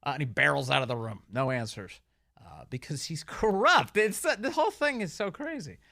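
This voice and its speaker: Sarcastic talk radio host, bright voice. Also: male voice, fairly high pitch, expressive, a little fast, vocal fry, dry recording, studio quality. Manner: sarcastic, mocking, laughs often. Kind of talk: opinionated talk radio commentary.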